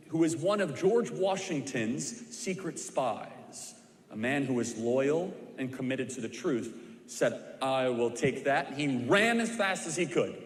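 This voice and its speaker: A man telling a history story to a church crowd with emphatic, repeated punchlines. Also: on the high side. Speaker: speaker at a church civics event. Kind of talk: preaching a history story to a live audience. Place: large church auditorium. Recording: echoey hall with long reverb.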